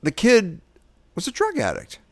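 A man co-hosting a podcast, chatting casually about a film adaptation, agreeable and quick to laugh. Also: high-pitched, wildly swooping pitch, vocal fry. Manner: agreeable, echoes words, laughs easily. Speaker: podcast co-host. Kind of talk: casual movie-review chat.

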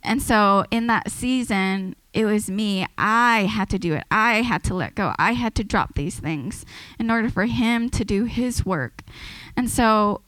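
A woman preaches in a relaxed, testimony-style sermon, earnest and chatty, with frequent restarts and light laughs. Her voice sits somewhat high, and the recording is close and dry with no room sound. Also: no echo, poor audio. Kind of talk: informal sermon.

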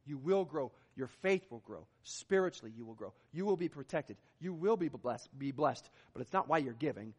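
A man's voice: medium pitch, expressive, moderate pace, hardly any pauses, a little mellow, breathy edge. A man preaching a sermon as pastor, with an emphatic delivery that swells and drops in volume. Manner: emphatic, rising and falling in volume. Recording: long hall reverb.

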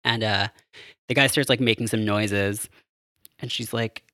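A man's voice: lowish voice, fairly even intonation, unhurried, bright, forceful tone, no echo, studio quality. A man casually recapping a film as a podcast host, rambling and amused with lots of fillers. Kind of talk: casual chat.

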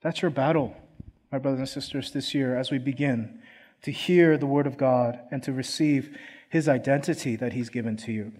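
A man's voice: medium pitch, fairly even intonation, moderate pace, darkish tone. A man from Philadelphia preaching a sermon in church, earnest and conversational, often acting out quoted voices. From Philadelphia, USA. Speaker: pastor.

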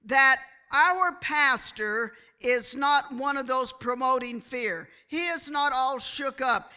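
A woman preaching a sermon in a slow, deliberate way, often calling for an amen from the listeners. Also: high-pitched, bright, forceful tone. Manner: slow, deliberate delivery, calls for amens. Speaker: church speaker.

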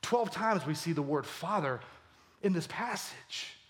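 A male pastor preaching a sermon with animated emphasis, his voice climbing for key points. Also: unhurried. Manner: animated, voice rising high for emphasis.

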